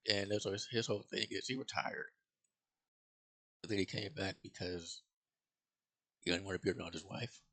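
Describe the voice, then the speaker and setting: A man's voice: low-pitched, normal speed, pauses often, pushed and bright. A man giving a casual, rambling movie review, swearing freely and full of fillers and restarts.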